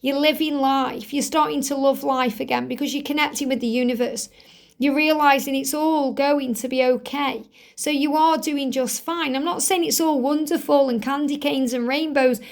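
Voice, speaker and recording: A woman's voice: high-pitched, steady tone, moderate pace, vocal fry. A woman giving a tarot reading, speaking earnestly and reassuringly straight to the viewer and repeating key phrases for emphasis. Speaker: tarot reader.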